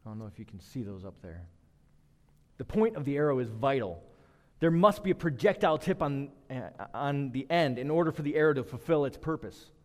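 A man's voice: medium pitch, animated, a little fast. Man preaching in a reverberant hall. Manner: conversational preaching, shifting between hushed and emphatic. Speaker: pastor. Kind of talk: sermon. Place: church hall.

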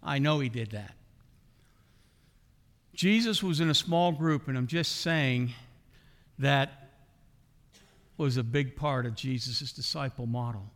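A man's voice: medium pitch, takes it slowly, long pauses. A middle-aged man preaching a sermon as a pastor, asking the congregation rhetorical questions. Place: church sanctuary. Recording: long hall reverb.

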